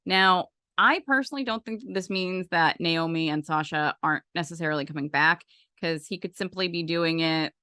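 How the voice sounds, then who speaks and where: Speaking at a moderate pace, a woman co-hosts a podcast and chats casually about wrestling, rambling with many fillers. Her lowish voice is bright, forceful, clear and resonant, and the clean studio sound carries no room noise.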